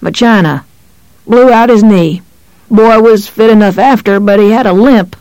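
A reader voicing an elderly white-haired country veterinarian who speaks in a calm, serene rural drawl in an audiobook. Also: medium pitch, a little slow, clear, resonant tone, no room sound, voice pushed up, natural voice, poor audio. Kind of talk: audiobook character voice.

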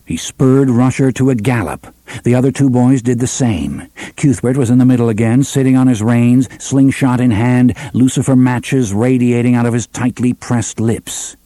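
A man narrating a novel in a steady, measured audiobook reading. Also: medium pitch, no echo.

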